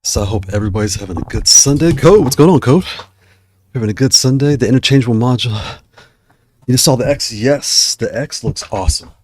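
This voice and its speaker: A man's voice: mid-range voice, lively intonation, fairly quick, a little mellow. A man hosting a casual livestream, out of breath and chatting in a rambling way while he browses. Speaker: livestream host.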